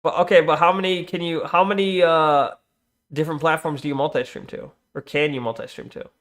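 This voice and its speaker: A man's voice: a little high, steady tone, fairly quick, fairly bright tone. A man streaming live in casual chat, reading comments aloud and often breaking off to say "hold on". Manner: distracted, reads chat aloud, many restarts and "hold on"s.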